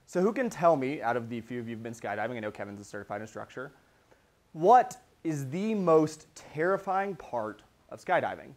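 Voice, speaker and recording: A young man giving a live keynote to students, telling stories in an animated way and acting out the reactions. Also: mid-range voice, normal speed. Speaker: motivational speaker. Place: event with a live audience.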